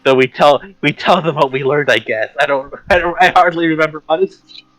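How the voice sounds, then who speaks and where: A man's voice: fairly high pitch, brisk, a bit bright, low-quality recording. A man playing a tabletop game, joking and rambling with the group. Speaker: player. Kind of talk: casual tabletop game chat.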